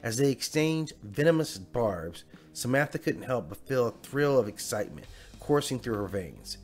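A man's voice: medium pitch, animated, moderate pace, a little mellow, faint music behind. Man narrating a dramatic bedtime story.

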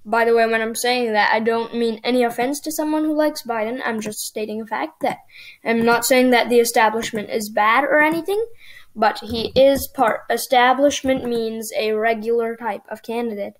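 High-voiced woman hosting gameplay commentary. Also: moderate pace. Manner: excitable, thinking aloud while playing. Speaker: gaming channel host.

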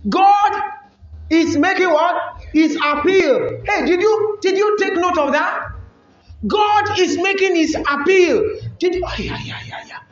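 A man preaching a sermon, building to shouted emphasis and firing rhetorical questions at the congregation. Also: very high voice, slow pace. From Ghana. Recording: echoey church hall, dull lo-fi.

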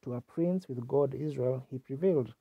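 A man delivers a fervent sermon, his voice gravelly and a little husky. The sound is dull and lo-fi, like an old archival tape, and close and dry with no room around it. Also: mid-range voice, normal speed, no room sound. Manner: fervent preaching with exclamations. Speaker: preacher.

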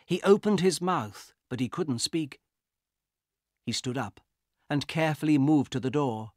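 A man narrating a graded-reader audiobook in slow, clear, deliberate reading. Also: fairly high pitch, lively intonation, a little mellow, dry recording, clean studio sound.

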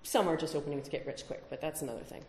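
A woman's voice: low voice, very fast, darkish tone, echoey room. A woman giving a conference talk, emphatic, with rhetorical questions. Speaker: conference speaker. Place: conference hall.

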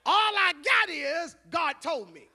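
A man preaching a sermon as pastor, moving from low conversational asides to loud shouted call-and-response. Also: animated, slow.

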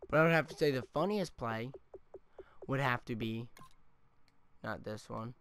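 A man's voice: medium pitch, moderate pace, long pauses, a bit bright, clean tone. A man ranting through gameplay commentary with heavy swearing, often tagging his points with "okay?". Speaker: gaming YouTuber. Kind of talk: angry gameplay rant commentary.

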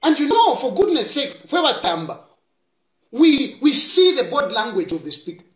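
With a Zambian accent, a political commentator delivers impassioned, scolding commentary, repeating key lines for emphasis. The voice sits high and is very animated at a moderate pace, with a roomy echo in the recording.

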